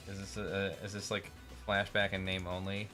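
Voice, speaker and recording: A man streaming live tosses off blunt, exasperated remarks as he reads reviews. His voice sits low, and soft music plays behind him. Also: level tone, normal speed. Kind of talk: casual live commentary.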